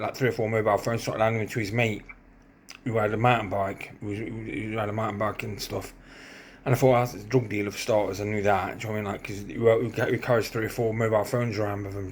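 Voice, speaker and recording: A man's voice: lowish voice, slight background noise. A middle-aged man telling a street-fight story in a casual, rambling monologue, often asking "do you know what I mean".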